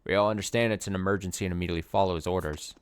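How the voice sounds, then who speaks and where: Low-voiced guy reading out a game's text, steady and plain. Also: very fast, clean tone, no room sound. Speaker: let's play narrator. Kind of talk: reading game text aloud.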